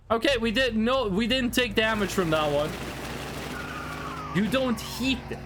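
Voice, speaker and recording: Speaking at an extremely high pitch against a noisy background, a young man from Norway with a Norwegian accent streams a game. He keeps up a rambling, jokey, casual conversation with his chat, replying to their comments.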